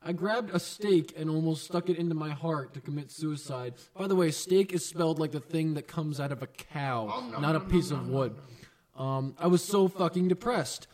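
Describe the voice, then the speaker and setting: Man with a high voice, deadpan comedic read-through. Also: moderate pace. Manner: deadpan reading with asides and laughs. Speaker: co-host reading aloud. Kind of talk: comedic dramatic reading.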